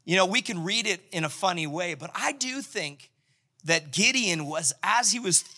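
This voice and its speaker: A man preaching a sermon in a conversational, animated way, acting out the scripture as he goes. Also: sits high, normal speed. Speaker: pastor.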